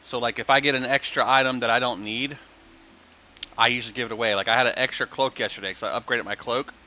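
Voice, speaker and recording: A man streams a game live, talking casually to his viewers. His voice is bright and forward. It comes through slightly muffled stream audio. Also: medium pitch, steady tone, fast talker. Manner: chatty, explains game economy and thanks viewers.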